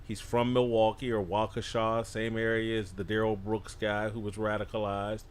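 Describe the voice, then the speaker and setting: A man's voice: on the low side, flat delivery, moderate pace, smooth. A man appearing as a guest on a studio panel show. He makes emphatic, punchy declarations of opinion. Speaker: guest commentator. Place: podcast studio.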